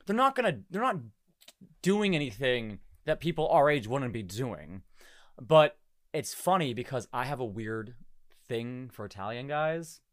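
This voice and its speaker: A man's voice: medium pitch, measured pace, no echo, clean studio sound. A young man in his twenties hosting a podcast, chatting casually and acting out quotes as he tells stories. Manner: animated storytelling, laughing, acting out quotes. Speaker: podcast host. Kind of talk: casual chat.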